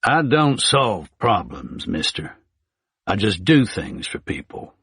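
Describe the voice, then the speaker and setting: A man doing a slow, menacing hitman with a Mississippi drawl. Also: husky, dry recording, studio quality, heavily acted. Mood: dismissive. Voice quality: deep, slow, deliberate. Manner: curt, flatly threatening. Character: menacing American hitman, deep and strong.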